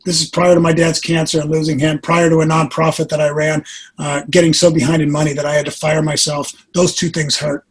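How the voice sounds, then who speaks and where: A man in his sixties, a podcast guest, earnestly telling a personal story with animated delivery. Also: fairly high pitch, a little fast, husky, rough recording. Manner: earnest, animated storyteller who acts out quotes.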